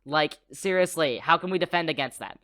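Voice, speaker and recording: A man's voice: on the high side, fairly quick, sharp tone. A man co-hosting a podcast, talking about a film with enthusiasm and playful, rambling asides. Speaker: podcast co-host. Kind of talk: casual film discussion.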